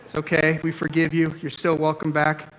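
A man's voice: fairly high pitch, completely flat delivery, normal speed, fairly bright tone, a little hiss or hum, rough recording. A man preaching a sermon as pastor, talking in a conversational, joking storytelling way. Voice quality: wears glasses, astigmatism.

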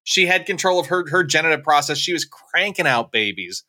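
A man's voice: on the high side, expressive, fairly quick, sharp tone. A man co-hosting a casual chat, telling a history story in a wry way and laughing often. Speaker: podcast co-host.

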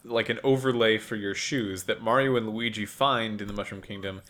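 A man hosting a podcast in casual chat, low-key and often trailing off quietly. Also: normal speed. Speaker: podcast host.

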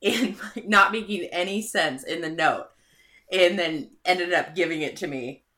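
A young woman telling a story in casual chat, animated, swearing and laughing often. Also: lowish voice, measured pace.

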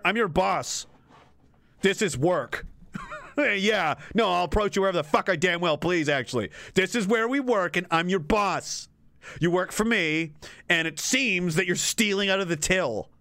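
This high-voiced man talks at a moderate pace on a dry recording. He's streaming and reading chat, animated, laughing a lot and swearing freely through a casual profane rant.

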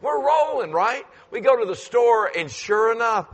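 A man in his fifties, a pastor telling animated stories in a sermon and acting out the voices. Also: very high-pitched, moderate pace, husky, highs cut off. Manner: animated, acts out voices, climbs loud when excited. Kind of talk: storytelling in a sermon. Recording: long church hall reverb.

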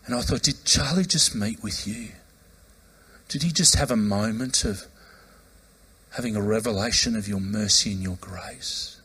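A man's voice: on the low side, moderate pace, breathy edge. A man, a pastor preaching a sermon, telling a personal story and acting out the voices in it. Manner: animated, acts out quoted voices, loud outbursts when retelling.

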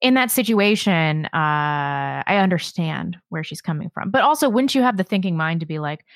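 A woman's voice: lowish voice, lively intonation, moderate pace, few pauses, dry recording, studio quality. A woman co-hosting a podcast, chatting bluntly and caustically about the news. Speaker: podcast co-host. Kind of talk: casual political chat.

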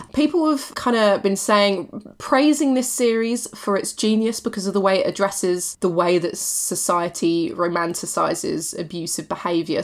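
A woman co-hosting a casual chat about films and TV, rambling with lots of fillers. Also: mid-range voice. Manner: chatty, rambling, full of fillers. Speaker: podcast co-host. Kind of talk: casual film and TV review chat.

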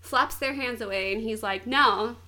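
Chatty woman telling a story all animated, giggles a lot, voice on the higher side. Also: a little slow. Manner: animated retelling, laughs often. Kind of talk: casual chat.

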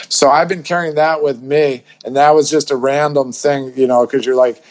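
A man's voice: mid-range voice, steady tone, normal speed, hardly any pauses. Guy rambling on a podcast, lots of false starts and cussing, mid voice. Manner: rambling, many restarts, swears freely. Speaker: podcast guest. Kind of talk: casual storytelling chat.

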